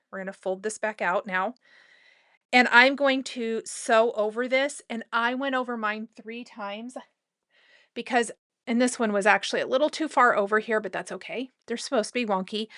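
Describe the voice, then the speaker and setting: A woman walks through a craft tutorial one step at a time, chatty and easygoing. Her voice sits a little high. The sound is close and dry, with no room around it. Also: smooth, dry recording. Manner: chatty and relaxed, with loose asides. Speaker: sewing tutorial host.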